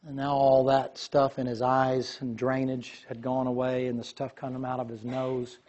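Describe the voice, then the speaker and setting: A man telling a lively story in a sermon, acting out the voices of the people in it. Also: medium pitch, normal speed, muffled recording. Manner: animated storyteller, quotes voices.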